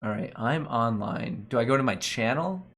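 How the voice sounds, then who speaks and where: A young man hosting a live stream chats casually with his viewers, reading comments aloud. He jokes constantly and slips into slang. His voice sits at an ordinary middle pitch. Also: lively intonation, normal speed, a bit bright. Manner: jokey, laughs often, slangy banter. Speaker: stock market livestream host.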